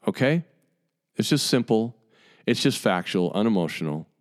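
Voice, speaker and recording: A man in his fifties with a lowish voice, talking straight to fellow dentists. He sounds exasperated and emphatic, circling back on his words and hammering each point home in an impassioned monologue. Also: expressive, normal speed. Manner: emphatic, exasperated, repeats himself. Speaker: dentist addressing colleagues.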